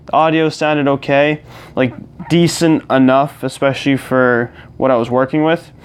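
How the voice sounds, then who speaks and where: A young man talks loosely to his viewers while he plays a game, rambling along with fillers and restarts. His voice is smooth and clear at a middle pitch. He is recorded close up on a clip-on lapel mic plugged into a phone. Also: fairly even intonation, normal speed. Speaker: gaming vlogger. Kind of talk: casual chat to camera while gaming.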